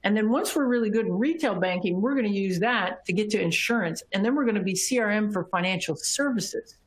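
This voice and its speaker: A middle-aged woman giving a conference keynote, telling a business story in a lively way, laughing often and acting out the people she quotes. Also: medium pitch, a little fast. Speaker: keynote speaker.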